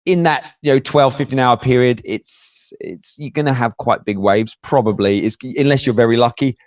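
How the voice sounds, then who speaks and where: A man's voice: medium pitch, moderate pace, dry recording, clean studio sound. A man, a guest in a casual interview, telling stories with many fillers and restarts. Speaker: podcast guest.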